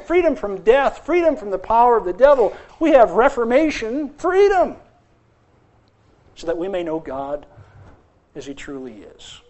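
Emphatic high-voiced male preacher. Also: a little mellow, slight background noise. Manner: emphatic preaching, repeating phrases with rising intensity. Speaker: pastor. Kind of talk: sermon.

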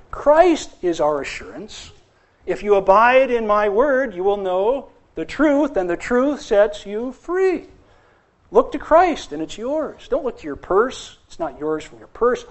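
A male pastor preaching a sermon, emphatic and repetitive, building intensity through repeated phrases. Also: high-pitched.

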